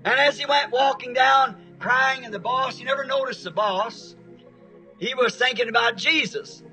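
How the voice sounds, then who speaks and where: A preacher delivers a sermon in a very high, bright voice, spinning a folksy story and bursting into emphatic shouts now and then. Faint music plays in the background. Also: male voice, moderate pace, poor audio.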